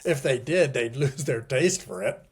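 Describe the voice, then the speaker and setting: A man's voice: mid-range voice, moderate pace, husky. Middle-aged guy rambling thru an interview, lots of you know, dry chuckles. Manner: rambling, digressive, frequent restarts and "you know"; wry, chuckles at grim points. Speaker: guest. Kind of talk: casual conversational interview.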